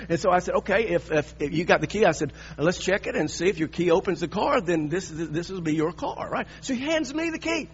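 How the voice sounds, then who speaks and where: A man in his sixties preaching, telling a personal story with lively, halting restarts. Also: high voice, highs cut off, slight background noise. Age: 60s. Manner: animated storytelling with repeated restarts.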